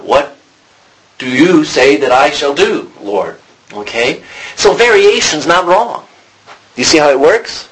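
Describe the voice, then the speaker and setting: A man's voice: fairly high pitch, slow, pauses often, slightly rough, rough recording. A man teaching an informal Bible study, asking the class questions and acting out the lines he quotes. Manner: animated, acts out quotes, asks the class questions.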